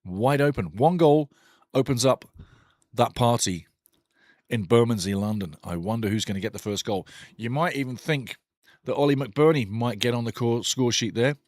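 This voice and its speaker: A man's voice: medium pitch, moderate pace, a little mellow, no room sound. Middle-aged guy hosting a footy watch-along, opinionated and ranty, dry close mic. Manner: opinionated, ranting and joking. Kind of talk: live football watch-along commentary.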